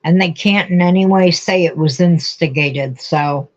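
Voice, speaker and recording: A woman's voice: on the low side, unhurried. A middle-aged woman hosting a casual craft livestream, chatting with viewers and reading out their comments in an emotional, affectionate way. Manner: warm, emotional, talks to viewers as honey. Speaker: livestream host. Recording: dull lo-fi stream audio.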